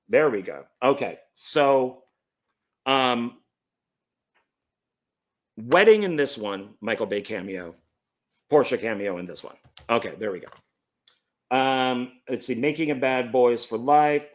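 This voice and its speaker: A man casually going through his film collection, rambling, correcting himself and stumbling over names. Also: medium pitch. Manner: relaxed, enthusiastic about films. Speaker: movie collector.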